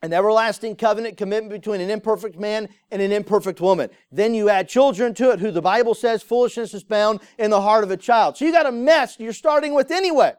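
A man's voice: high voice, fast talker, hardly any pauses, clear, resonant tone, no room sound, clean studio sound. A man pastor giving a conversational sermon in a church, telling stories with frequent fillers. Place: church sanctuary with congregation.

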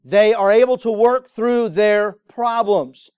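A man preaching to his congregation in a relaxed, storytelling way, often pausing with fillers. His voice is fairly high, smooth and clear. The sound is close and dry. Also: dry recording. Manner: conversational, storytelling, frequent "uh" fillers. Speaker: pastor. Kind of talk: sermon. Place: church sanctuary with congregation.

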